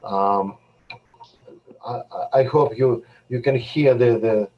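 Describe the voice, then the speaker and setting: Hesitant male host, dull sound. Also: mid-range voice. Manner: hesitant, halting. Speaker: event host. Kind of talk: hosting a Q and A.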